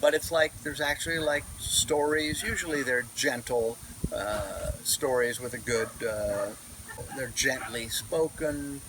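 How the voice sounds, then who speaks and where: The speaker, a vlogger and audiobook narrator, chats casually outdoors into his camera mic without a wireless mic. His medium-pitched voice is a little slow with fairly even intonation, and his talk wanders with many fillers and restarts. The background is noisy.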